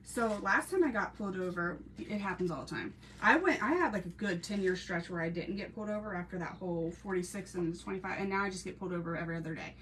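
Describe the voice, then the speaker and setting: Chatty and frequently laughing, a crafting channel host from Ohio, USA, talks to viewers on her casual live stream. She speaks quickly with hardly any pauses, in a lowish, slightly bright voice; the mic is a bit distant and there's faint background noise.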